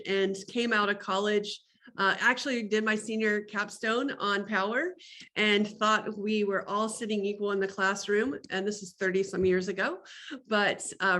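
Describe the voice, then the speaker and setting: A woman's voice: mid-range voice, a bit bright. A woman hosting an online session, friendly, reading participants' comments aloud before handing over. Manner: friendly, reads out chat comments. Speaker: host.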